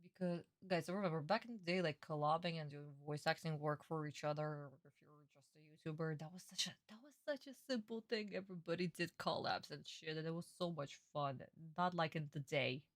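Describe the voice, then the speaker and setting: A woman streaming a casual reaction, excitable and rambling, swearing freely. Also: low-pitched, fairly quick, dry recording, studio quality.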